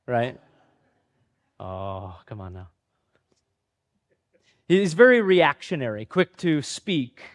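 Speaking in a notably high voice, this pastor gives his sermon a conversational feel. He pokes fun at himself now and then and slips briefly into the voices of the people he describes.

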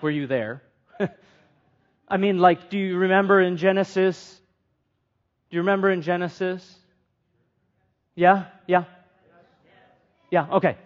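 A man preaching a sermon in an earnest way, putting questions to the congregation and repeating phrases for emphasis. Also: high voice. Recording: dull lo-fi sound.

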